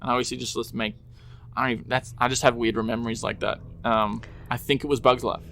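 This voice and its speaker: A man's voice: medium pitch, little pitch movement, fast, vocal fry, sharp tone, a little hiss or hum. A young man co-hosting a casual podcast chat, rambling with lots of ums and quoted movie lines. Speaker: podcast co-host.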